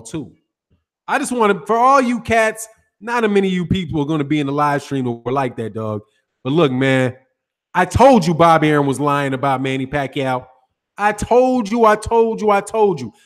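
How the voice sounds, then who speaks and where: A man's voice: high-pitched, fairly bright tone. A man from the North Side of Chicago with a Chicago accent, hosting a boxing channel live stream, talking loosely in slang and greeting chat viewers by name.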